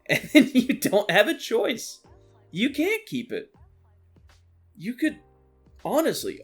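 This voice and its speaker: A man ranting about a video game, animated, exasperated and full of swearing. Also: medium pitch, slightly rough. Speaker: streamer. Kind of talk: ranting gameplay commentary. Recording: faint lo-fi music underneath.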